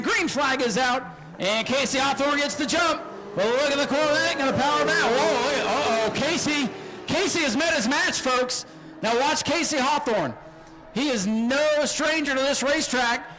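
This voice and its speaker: A man announcing a spectator race from the flag stand at an outdoor speedway, excitable and joking, often shouting. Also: very high voice, normal speed, noisy background. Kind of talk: live race commentary over PA.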